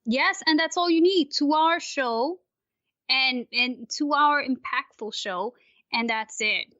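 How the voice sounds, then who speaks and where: A woman guest on a casual podcast, talking in an animated, ranting way and swearing freely. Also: high voice, no echo. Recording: dry, dull lo-fi sound.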